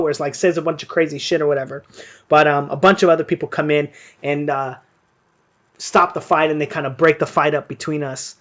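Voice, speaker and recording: A young man with a slightly high voice tells a long story in a loose, rambling way. He fills his talk with "like" and swears often, keeping it casual. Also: fairly even intonation, fairly quick, fairly bright tone. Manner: rambling, profane, lots of fillers. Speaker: boxing stream host. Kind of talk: casual storytelling during live fight commentary.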